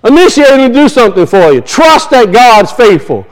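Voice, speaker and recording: A middle-aged male pastor with a notably high-pitched voice delivers a sermon. He keeps pressing the congregation with rhetorical questions, building and releasing emphasis as he preaches. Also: big pitch swings, normal speed, poor audio.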